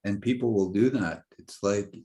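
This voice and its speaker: A middle-aged man, a guest in a casual interview, telling a personal story in an animated way and often laughing as he talks. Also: on the low side, normal speed. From Indigenous North American community. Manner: animated storyteller who laughs through his tale.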